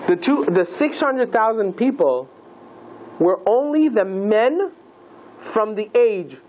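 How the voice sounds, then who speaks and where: A man teaching a class as a rabbi, lively and playful, asking the listeners questions and mixing Hebrew terms into his lesson. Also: high-pitched, takes it slowly, slight background noise, poor audio.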